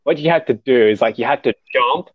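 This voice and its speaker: A man's voice: medium pitch, brisk, dry recording. A young man in laid-back casual chat, chuckling and swearing as he shares memories. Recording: dull, dry lo-fi sound.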